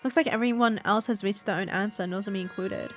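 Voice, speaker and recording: A woman's voice: mid-range voice, fast, soft background music. A slightly sick woman streamer reading game dialogue aloud dramatically, with casual asides. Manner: reads lines dramatically, breaks off into casual asides with laughs. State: a little sick, stuffy. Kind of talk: game playthrough with voiced reading.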